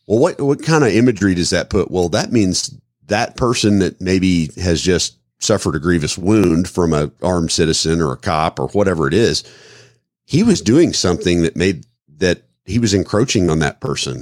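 Midwest guy on a podcast, real deep low voice, dry close mic, walks through examples. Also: no echo. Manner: thoughtful, explains with acted-out example phrases. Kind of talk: casual podcast talk.

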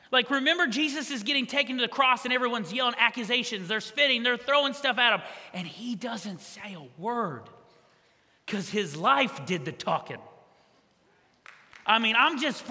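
A man preaching a sermon as pastor, conversational and energetic with quick asides to the congregation. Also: high voice. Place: church hall. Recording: long church hall reverb.

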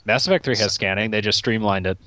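A man's voice: on the low side, quick pace, fairly bright tone, dry recording. Wry, jokey male podcast co-host. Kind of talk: casual podcast chat.

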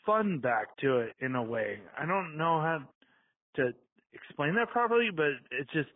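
A drunk man leaving an excited, rambling voicemail from outdoors, panicking and swearing as he gushes. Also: fairly high pitch, normal speed. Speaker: voicemail caller. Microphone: phone. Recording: tinny phone voicemail.

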